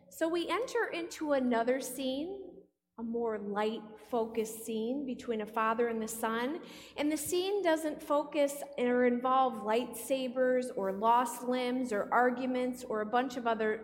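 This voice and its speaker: A woman pastor delivering a playful sermon, often putting questions to the congregation. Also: on the high side. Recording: long hall reverb.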